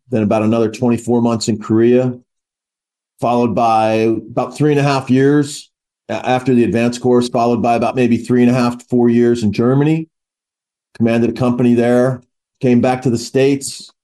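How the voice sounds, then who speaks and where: A man's voice: mid-range voice, warm tone. A man in his sixties from the Philadelphia area, a retired army officer recalling his career as a guest, talking casually with many fillers and restarts. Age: 60s. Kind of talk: casual interview.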